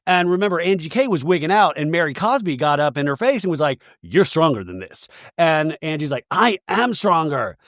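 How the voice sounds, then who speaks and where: A man hosting a podcast, recapping a reality TV episode in a jokey, animated way and acting out the quotes. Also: a little high, a little fast, hardly any pauses, no room sound, clean studio sound. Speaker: podcast host.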